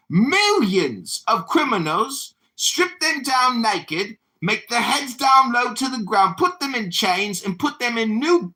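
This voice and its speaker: A man's voice: extremely high pitch, pushed and bright. Pompous man in a put-on British accent. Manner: pompous, speechifying, ranting. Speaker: political candidate. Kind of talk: campaign speech in an online audio room.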